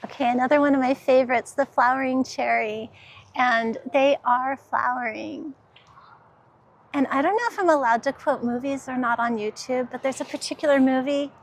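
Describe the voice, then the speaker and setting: High-voiced woman gushing over plants. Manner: gushing, enthusiastic, quick to laugh. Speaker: garden vlogger. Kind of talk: casual walk-through vlog. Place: outdoor garden center. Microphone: handheld camera.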